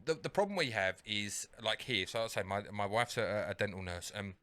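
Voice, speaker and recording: A man's voice: lowish voice, lively intonation, a little fast, sharp tone, no room sound. A British man co-hosting a podcast in casual chat, swearing and acting out phone calls in a raised voice. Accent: British English. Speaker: podcast co-host.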